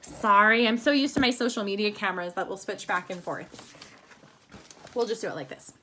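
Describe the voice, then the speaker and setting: A woman teaching a children's lesson over video from home, cheerful, slow and clear for young kids. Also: medium pitch, pushed and bright. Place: home room. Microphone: phone camera at arm's length.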